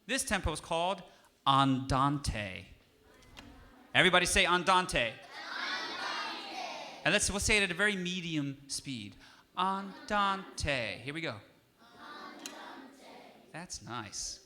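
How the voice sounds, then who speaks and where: A man who is a musician teaching a young audience, lively and encouraging as he coaxes them to answer. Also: a little high, moderate pace, long pauses, a faint crowd, a little hiss or hum. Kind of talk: interactive music lesson for kids.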